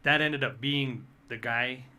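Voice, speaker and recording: A man's voice: mid-range voice, takes it slowly, sharp tone. A man co-hosting a podcast, chatting casually in a laid-back way, trailing his sentences with fillers. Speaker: podcast co-host. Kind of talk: casual chat.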